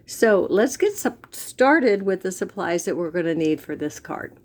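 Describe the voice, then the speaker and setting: Woman, lower pitched, chatty craft demonstrator walking viewers through a tutorial. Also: big pitch swings, unhurried. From United States. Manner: chatty, friendly step-by-step instruction with fillers. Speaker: stamping demonstrator.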